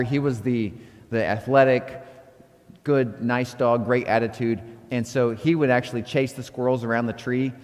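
Animated male pastor in a reverberant hall. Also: medium pitch. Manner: conversational storytelling with animated outbursts. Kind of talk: sermon.

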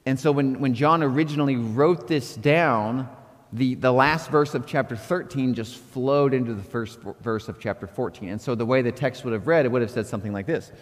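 A man's voice: mid-range voice, a little fast. A man preaching a sermon as pastor, talking conversationally and acting out quoted inner thoughts. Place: church auditorium. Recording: long reverb of a church hall.

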